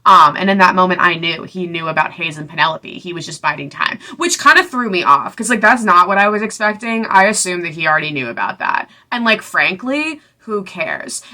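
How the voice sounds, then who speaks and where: Casting: a young woman in her twenties, sarcastic book-recap vlogger with a bright, forward voice. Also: lowish voice, lively intonation, a little fast, few pauses. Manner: sarcastic and exasperated, with frequent asides. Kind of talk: casual chat.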